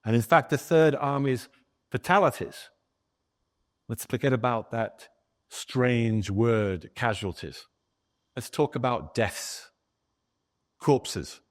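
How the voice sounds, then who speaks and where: A man giving a lively historical lecture as a guest author, telling a story and talking with the audience in the room. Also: medium pitch, slow, pauses often. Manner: animated storyteller, chatting with the audience.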